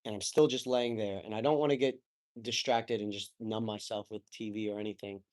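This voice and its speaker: A man's voice: lowish voice, steady tone, brisk, darkish tone. A young man in his twenties as a podcast guest, telling a personal story openly and with feeling, swearing casually and saying "like" and "bro" a lot. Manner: open, emotional, swears casually, says "like" and "bro" often.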